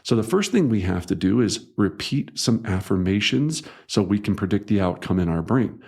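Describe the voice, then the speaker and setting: A man's voice: lowish voice, expressive, normal speed, darkish tone, husky. A middle-aged man narrating his own sales training audiobook, conversational and emphatic, sometimes acting out quoted voices. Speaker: real estate coach.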